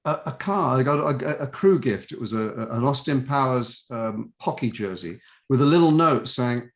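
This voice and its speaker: A man's voice: medium pitch, normal speed, hardly any pauses. Chatty older man telling stories. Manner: chatty, animated storytelling with quoted voices. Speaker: actor guest. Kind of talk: interview anecdotes.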